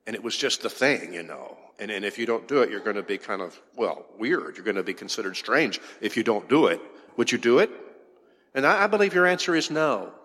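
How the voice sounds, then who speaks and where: Preacher with emphatic rhetorical questions. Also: male voice, fairly low pitch, animated, fairly quick, a bit bright, slightly rough. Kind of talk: sermon. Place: church sanctuary. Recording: long hall reverb.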